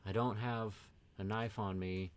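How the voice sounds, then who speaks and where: A man's voice: lowish voice, steady tone, a little slow, a crowd in the background. A man from Texas, a podcast host, casually telling a rambling anecdote packed with "like" and acted-out quotes. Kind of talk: casual storytelling chat.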